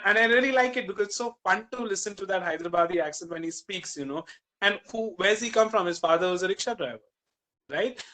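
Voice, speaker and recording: A man's voice: high voice, a bit bright, low-quality recording. A man with an Indian English accent, speaking animatedly as an interview guest, with frequent "you know" fillers. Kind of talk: candid opinionated conversation.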